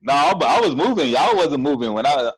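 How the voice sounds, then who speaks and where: A man's voice: a little high, big pitch swings, a little fast, a crowd in the background, poor audio. Easygoing man talking slang on a call. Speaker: podcast co-host. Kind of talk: casual chat. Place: at home, on a tablet.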